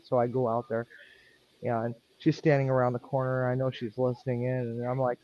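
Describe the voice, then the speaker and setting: A man's voice: medium pitch, fairly even intonation, fast talker, warm tone, highs cut off. A man working as a kitchen manager tells a story bluntly and acts out the dialogue. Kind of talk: storytelling on a stream.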